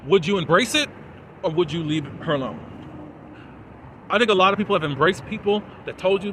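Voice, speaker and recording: Bright-voiced man recapping a show. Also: sits high, brisk, long pauses, slight background noise. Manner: chatty, animated, lots of fillers and "da, da, da". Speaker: TV episode reviewer. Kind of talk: casual recap and commentary.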